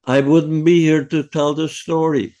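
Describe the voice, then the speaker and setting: A man in his nineties from Poland, a podcast guest giving a first-person survivor's testimony in a halting, emotional way with many restarts. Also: fairly high pitch, little pitch movement, mellow. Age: 90s.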